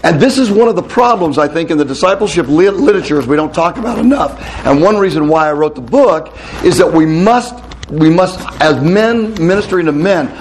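A middle-aged male pastor giving a lively talk to a room of men, telling stories and putting questions to the crowd. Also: high voice, slight background noise. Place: hall with a live audience.

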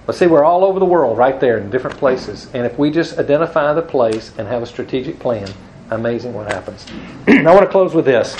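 A man's voice: mid-range voice, animated, fairly quick, a little mellow, slight background noise, poor audio. A man preaching to a live group, telling stories and acting out the people he quotes with a chuckle. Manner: storytelling, acts out quoted voices, chuckles. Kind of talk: evangelism teaching talk to a live group.

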